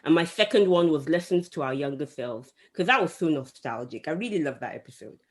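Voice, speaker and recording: A woman co-hosting a podcast, reacting loudly and laughing in a casual group chat. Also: low voice, expressive, a little fast. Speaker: podcast co-host.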